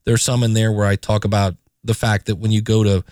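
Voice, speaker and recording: A man hosting his own podcast, talking casually with lively inflection and playful asides. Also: on the low side, brisk, no echo, clean studio sound. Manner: chatty, animated, playful asides. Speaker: podcast host. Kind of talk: casual solo podcast talk.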